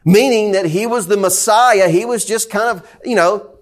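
A man's voice: high voice, normal speed. A man with a Southern US accent, a pastor preaching a sermon in a church, talking conversationally and repeating questions to the congregation. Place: church sanctuary.

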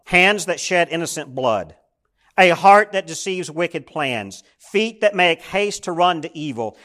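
A male pastor with a high-pitched voice preaches a sermon, moving between scripture and personal stories. He calls out to his congregation with questions. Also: pushed and bright.

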